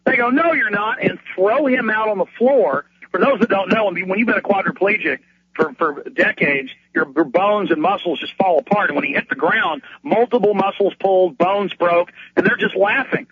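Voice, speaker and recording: A man's voice: high voice, husky, narrow, tinny audio. A man hosting a talk radio show and giving heated commentary, stumbling over repeated words and mocking other people in quoted asides. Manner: rapid, repetitive restarts, mocking put-on quotes.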